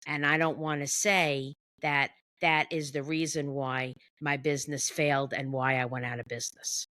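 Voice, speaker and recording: A woman, an executive behavior coach, talking about her work in a podcast interview, halting often with pauses and fillers. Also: low-pitched, flat delivery, bright, forceful tone, no room sound.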